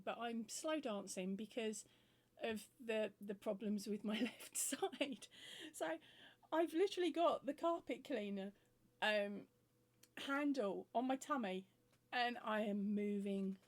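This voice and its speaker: A woman vlogging about crochet, telling a funny home story in a chatty, giggly way and acting out both sides of the conversations. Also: fairly high pitch.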